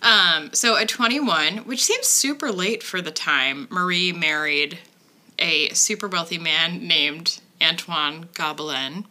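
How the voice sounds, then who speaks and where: A woman's voice: fairly low pitch, takes it slowly, bright, forceful tone. A woman from Ireland co-hosting a podcast, telling a true crime story in a chatty, wry way with lots of fillers. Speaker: podcast co-host.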